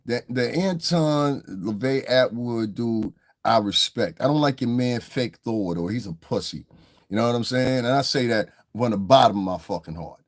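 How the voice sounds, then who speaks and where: Man ranting on a livestream, blunt and profane, mid-pitch voice. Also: animated, normal speed. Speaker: livestream commentator. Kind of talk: casual livestream rant.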